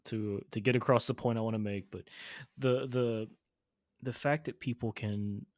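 A man hosting a podcast, talking in a reflective, earnest way with halting restarts. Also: mid-range voice, steady tone, no room sound, clean studio sound. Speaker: podcast host. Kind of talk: casual interview chat.

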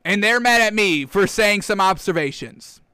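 A man hosting a football talk show, ranting in a heated, animated way and calling out to his folks, close on a studio mic. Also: high voice, moderate pace, smooth, dry recording. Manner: heated, animated, keeps addressing the audience as folks. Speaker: sports show host. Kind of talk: casual football rant. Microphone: close studio microphone.

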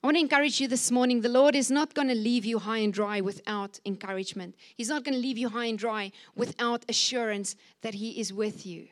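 A woman preaches a fervent sermon to her church, her voice sitting a little high. She pushes her listeners with urgent exhortation and bursts louder when she acts out the words of scripture. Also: steady tone, brisk, hardly any pauses. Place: church service.

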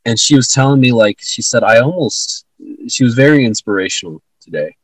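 A man's voice: mid-range voice, expressive, brisk, no room sound, poor audio. A man co-hosting a podcast, earnestly retelling a conversation with many fillers and restarts. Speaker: podcast co-host. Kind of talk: casual conversation.

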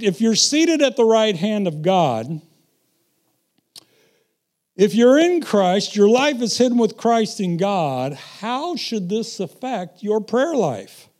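Delivering a story-filled sermon in a high voice, the middle-aged man alternates between soft asides and loud, emphatic eruptions.

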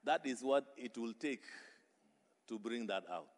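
A male pastor preaching a sermon, building emphatic repeated phrases into loud exhortation. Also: mid-range voice, a little slow, a faint crowd. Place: church hall. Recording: reverberant church hall.

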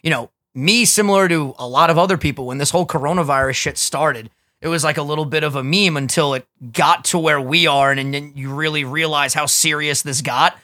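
A young man co-hosting a podcast, swearing freely and telling wild stories with plenty of energy. His voice sits a little high and sounds bright and forceful, and it rises to near shouts at the peaks. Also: fairly quick, no room sound, studio quality. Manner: profane, animated storyteller, gets loud and laughs telling stories. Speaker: podcast co-host. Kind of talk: casual podcast chat.

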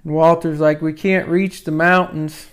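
A man co-hosting a podcast, recapping a movie in a measured, deliberate way. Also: on the high side, level tone, clean tone. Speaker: podcast co-host.

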